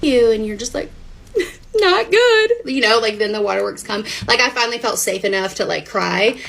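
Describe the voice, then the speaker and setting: A woman's voice: medium pitch, quick pace, gravelly, fairly bright tone, soft background music. A young woman frankly retelling a personal story, acting out the voices of the people in it. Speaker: woman telling her story on video.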